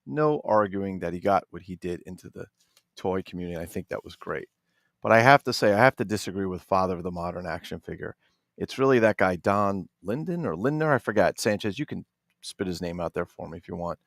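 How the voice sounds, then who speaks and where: A man from New Jersey chatting casually about his toy collection, animated and swearing freely with jokey asides. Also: low voice, brisk, creaky, no room sound, studio quality. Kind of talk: casual unboxing chat.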